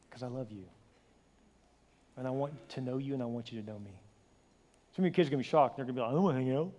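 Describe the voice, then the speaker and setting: A pastor in his forties preaching a sermon, telling stories with acted-out dialogue and lively delivery. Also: medium pitch, a little hiss or hum. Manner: animated storytelling, acts out dialogue with shifting voice. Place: large church hall. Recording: hall reverb.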